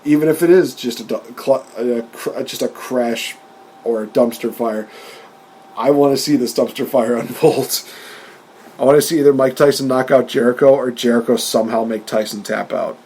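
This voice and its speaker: A man's voice: medium pitch, fairly even intonation, moderate pace, a little mellow, slight background noise. A man co-hosting a podcast in casual chat, retelling events animatedly and often laughing. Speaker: podcast co-host.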